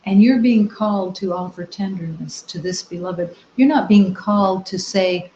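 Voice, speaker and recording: A woman spiritual teacher giving a meditative talk, soft-spoken and gentle, with long reflective pauses. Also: medium pitch. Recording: roomy, slightly dull recording.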